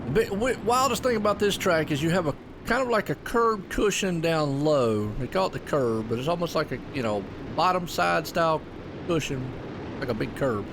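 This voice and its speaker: Excitable folksy race caller. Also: male voice, a little high, normal speed, gravelly, background noise. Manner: excitable, folksy, loud bursts on big moves. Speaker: race commentator. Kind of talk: sim racing play-by-play commentary.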